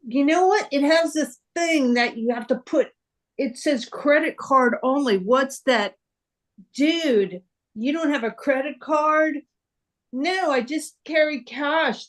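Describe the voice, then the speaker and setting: A woman with a fairly high voice talks slowly through a laid-back, slangy movie parody. She stays easygoing and playful. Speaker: improv comedian. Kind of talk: slow improvised movie parody. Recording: video call audio.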